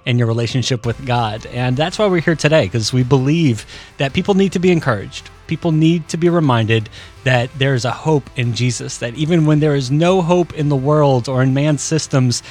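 A man's voice: medium pitch, normal speed, darkish tone, faint music behind. A man co-hosting a radio show, teasing in casual chat and turning earnest for a fundraising appeal. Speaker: radio host.

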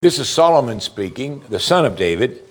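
Male pastor, sermon delivery, mid-pitched, emphatic, questions the congregation directly. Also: very animated, normal speed.

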